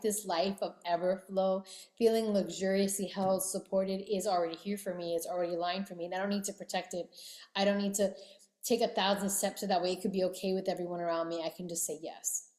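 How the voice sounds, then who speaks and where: A woman's voice: fairly low pitch, darkish tone, echoey room. A woman hosting a podcast, talking candidly and reflectively about her dreams, and saying she is getting emotional. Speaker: podcast host. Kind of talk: reflective personal podcast talk.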